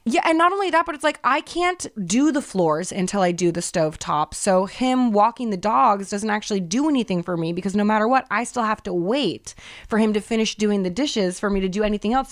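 A woman's voice: medium pitch, lively intonation, normal speed, no echo, studio quality. A woman in her thirties hosting a podcast, telling a story in a casual, exasperated and profane way. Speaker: podcast host.

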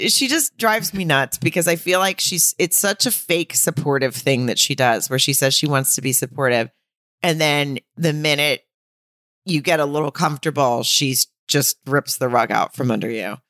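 Brief: woman podcast co-host, blunt and ranting, slightly low pitch. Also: moderate pace, a bit bright, no room sound, clean studio sound. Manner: blunt, exasperated, swears freely. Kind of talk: casual chat.

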